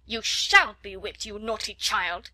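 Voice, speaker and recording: A woman's voice: medium pitch, animated, fairly quick, creaky, fairly bright tone, no echo. A woman doing a stern, stately headmistress. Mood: angry. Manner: severe, stately and commanding.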